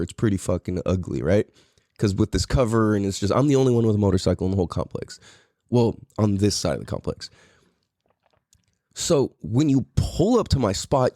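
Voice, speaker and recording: A man's voice: mid-range voice, dry recording, clean studio sound. A young adult man hosting a podcast, telling a long, exasperated story in casual chat, full of swearing. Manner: profane, animated, exasperated storytelling. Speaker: podcast host.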